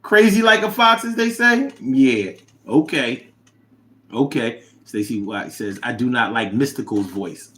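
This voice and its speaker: A man hosting a casual livestream, reading viewer comments aloud and reacting with animated, chat. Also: unhurried, a little hiss or hum. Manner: animated, drops to low mumble reading comments.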